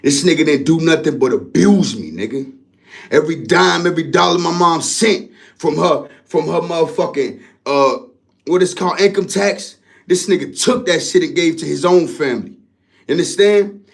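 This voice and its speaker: A man's voice: sits high, vocal fry. A young man venting his grief to camera in a raw, profane monologue that keeps circling back on itself. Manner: profane, repetitive, keeps asking "you know what I'm saying". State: grieving, distraught.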